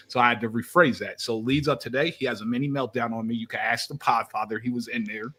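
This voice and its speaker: A man's voice: mid-range voice, quick pace, hardly any pauses, fairly bright tone. A young man co-hosting a sports podcast, speaking in a brash, emphatic, trash-talking way. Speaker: podcast co-host. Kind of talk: casual sports chat.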